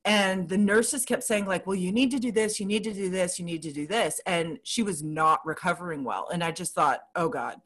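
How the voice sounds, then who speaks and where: A woman's voice: on the low side, moderate pace, few pauses, a bit bright. A woman chatting casually, candid and dramatic as she tells a personal story. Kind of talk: casual chat about surgery recovery.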